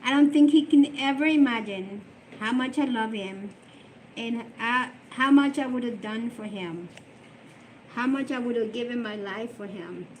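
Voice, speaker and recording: Middle-aged woman, high voice, emotional rambling live-stream chat, restarts. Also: measured pace, a little hiss or hum. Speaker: live streamer reading viewer comments.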